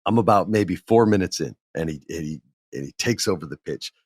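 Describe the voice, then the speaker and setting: A middle-aged man tells a story with candid, animated energy on his podcast. His voice sits a little low. The sound is dry and close, with no room in it. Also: brisk, husky, dry recording. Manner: candid, animated, acts out quotes in others' voices. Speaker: podcast host. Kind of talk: casual storytelling monologue.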